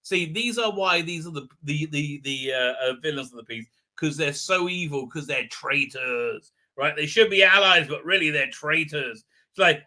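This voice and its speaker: A man's voice: fairly high pitch, lively intonation, normal speed, bright, forceful tone. A man hosting a livestream, ranting in a rambling, indignant way full of fillers. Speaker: livestream host. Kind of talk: ranting commentary.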